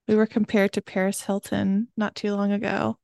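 A woman's voice: mid-range voice, flat delivery, normal speed, creaky, darkish tone, no echo, studio quality. A woman who grew up in Georgia and southern Maryland, co-hosting a podcast with playful, joking banter. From Georgia and southern Maryland, USA. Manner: playful, jokey, presents the research. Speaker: podcast co-host. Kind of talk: casual chat.

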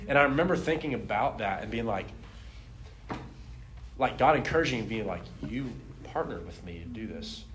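Animated young man telling a faith story. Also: fairly low pitch, moderate pace. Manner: animated storyteller, laughs often, lots of "like". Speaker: speaker sharing a testimony. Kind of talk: casual testimony talk.

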